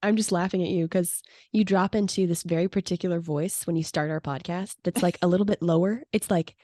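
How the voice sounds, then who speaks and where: A woman's voice: lowish voice, fairly even intonation, fairly quick, warm tone, no room sound, studio quality. A woman co-hosting a podcast. She tells stories in a chatty way and laughs often. She studied English. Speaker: podcast co-host. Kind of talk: casual podcast chat.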